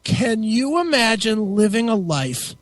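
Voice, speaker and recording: Man, radio co-host, high voice, very animated, crude mocking rants. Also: unhurried, dry recording. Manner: crude, mocking, ranting with profanity. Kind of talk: casual talk radio banter.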